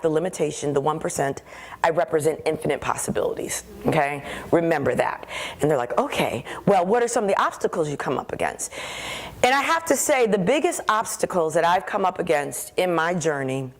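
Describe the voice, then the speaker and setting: A woman speaking into a stage microphone at a conference keynote, her voice sitting a little low. She tells her story with animated energy and acts out the voices in her head.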